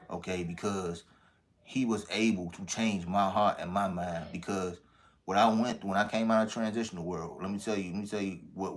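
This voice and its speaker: A man's voice: deep voice, slight background noise. A man giving an earnest testimony and speaking straight to his audience on a live stream. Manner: earnest, addresses the audience directly as "y'all". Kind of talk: testimony to viewers.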